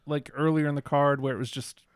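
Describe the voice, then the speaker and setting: A man's voice: a little high, flat delivery, fairly quick, clean tone, dry recording. A man co-hosting a casual wrestling podcast, laid-back and agreeable, mostly giving short replies. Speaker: podcast co-host.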